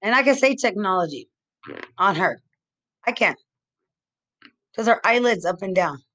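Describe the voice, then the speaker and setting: A woman's voice: mid-range voice, expressive, measured pace, pushed and bright. Agitated woman ranting, accusatory. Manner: agitated, accusatory, repetitive, profane. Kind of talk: angry rambling monologue to camera.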